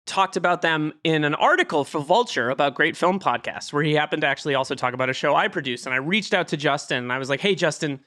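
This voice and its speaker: A man from Massachusetts co-hosting a podcast in casual chat, joking and rambling with quick asides. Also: a little high, bright, forceful tone. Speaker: podcast co-host.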